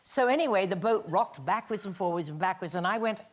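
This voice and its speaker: An older woman telling an anecdote as a talk show guest, animated and acting out the lines she quotes. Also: medium pitch, a little fast. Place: TV studio with live audience.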